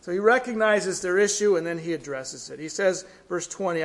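A man's voice: high voice, expressive, a little fast. A middle-aged man preaching a sermon, reading scripture and explaining it with earnest emphasis. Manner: earnest, rising emphasis then quiet falls.

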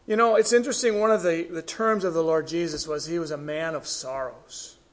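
Man, middle-aged, preacher, sermon, earnest, slightly high pitch. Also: fairly even intonation, brisk. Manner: earnest, rising emphasis then quiet falls.

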